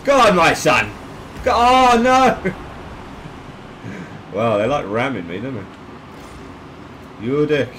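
Excitable man yelling at gameplay. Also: on the high side, takes it slowly, long pauses, a little hiss or hum, rough recording. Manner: excitable, yelps and shouts at plays, swears, laughs often. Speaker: gamer commentating his own play. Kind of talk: gameplay commentary.

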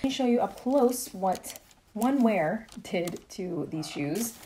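A young adult woman chatting casually in a haul vlog, rambling and excitable as she shows her shoes. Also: medium pitch, takes it slowly, a little hiss or hum. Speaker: vlogger.

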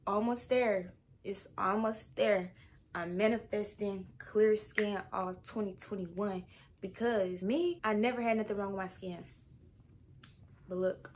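A woman's voice: medium pitch, slight background noise. A young woman from Texas, chatting casually to camera at home in a vlog. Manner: chatty and animated, drawn-out exclamations; often drops to a soft whisper. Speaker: vlogger. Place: at home indoors.

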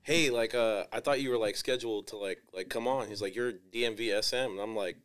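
A man's voice: fairly low pitch, brisk, smooth. Laid-back man saying "like" a lot. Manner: relaxed, filler-heavy talk with lots of "like". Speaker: podcast guest. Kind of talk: casual chat.

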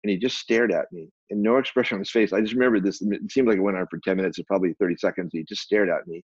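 A man, a photographer and publisher, telling an animated anecdote as an interview guest, with many restarts. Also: low-pitched, racing, breathy edge, no echo, lo-fi sound. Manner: animated, acts out quoted dialogue, frequent restarts.

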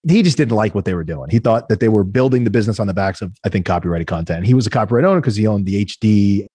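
A man speaks quickly with a husky edge, his pitch swinging a lot as he acts out other people. He tells his stories conversationally and animatedly. The recording is dry and close. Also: dry recording. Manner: animated, acts out quoted voices. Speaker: guest entrepreneur. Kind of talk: conversational storytelling.

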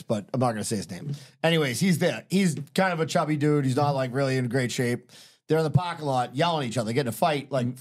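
A man of middle pitch talks fast and loose on a casual podcast. His anecdotes tumble out one after another, full of asides and filler. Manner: rapid, rambling anecdotes. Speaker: podcast co-host. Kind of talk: casual chat.

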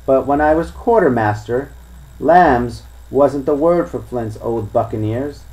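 A sly older pirate chief lectures his men in rough sailor's talk, voiced by a man reading a storybook aloud. He is smooth and persuasive, and he lays down the law. The voice sits in an ordinary middle register. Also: mid-range voice, measured pace, a little mellow, natural voice, rough recording. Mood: boastful. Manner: coaxing, lecturing sea talk. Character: crafty older male pirate, smooth-talking and commanding.

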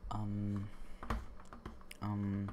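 A man's voice: fairly low pitch, completely flat delivery, drawn-out words, noisy background. A man chatting casually with his viewers on a livestream, rambling and joking and talking straight to them. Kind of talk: casual live-stream chat.

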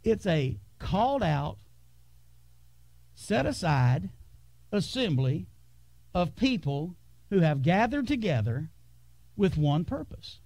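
Preacher with a high voice. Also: male voice, no echo. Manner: preaching with dramatic pauses and sudden hushed drops. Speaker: pastor. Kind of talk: sermon. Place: church sanctuary.

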